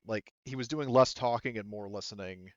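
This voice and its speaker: A man's voice: on the low side, normal speed, dry recording, muffled recording. A man narrating a tabletop game as game master, rambling and hesitant with many fillers.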